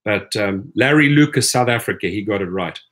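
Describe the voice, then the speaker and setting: A man's voice: lowish voice, expressive, brisk, fairly bright tone. A man from Washington, D.C. hosting a live stream, speaking emphatically, tagging "right?" onto his points and calling viewers "my friends". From Washington, D.C., USA. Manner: emphatic, keeps adding "right?". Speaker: rideshare channel host. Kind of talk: live stream commentary, reading chat.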